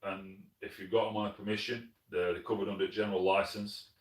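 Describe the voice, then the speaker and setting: A man's voice: on the low side, level tone, fairly quick, distant mic. A man with a South Yorkshire accent hosts a live stream from his lodge, answering viewer comments in a friendly, plain-spoken way and often calling people mate. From Sheffield, South Yorkshire, England. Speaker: hunting channel host. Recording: echoey room, mic some way off.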